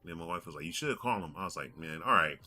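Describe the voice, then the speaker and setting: A man's voice: low-pitched, animated, fast talker, pushed and bright, husky. A man in his forties telling a rambling story on his gaming podcast, doubling back and repeating himself as he goes. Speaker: podcast host. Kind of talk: casual podcast monologue.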